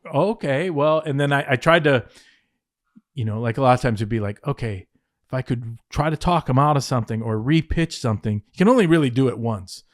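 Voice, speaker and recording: A man's voice: medium pitch, brisk, no echo. Man, casual storytelling, acts out quotes, swears, laughs a lot, dry close sound. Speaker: former wrestling head writer telling stories.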